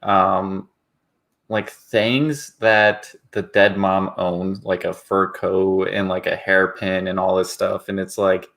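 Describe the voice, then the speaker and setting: A man's voice: low-pitched, flat delivery, takes it slowly, creaky, fairly bright tone. A man co-hosting a podcast in casual chat, blunt and wry, with lots of "like". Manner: blunt and wry, fills his talk with "like". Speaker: podcast co-host.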